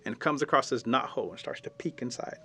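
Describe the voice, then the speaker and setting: A man from the Cherokee Nation telling a traditional story with lively drama, acting out the scenes as he goes. His voice is bright and forward. The telling is relaxed and spoken from memory. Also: medium pitch, quick pace, gravelly, breathy edge. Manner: animated, dramatic, acts out the scenes.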